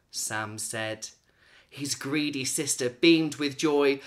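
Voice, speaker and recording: Low, slow and expressive woman storyteller. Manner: expressive, with dramatic pauses and gasps. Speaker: children's storyteller. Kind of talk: reading a picture book aloud.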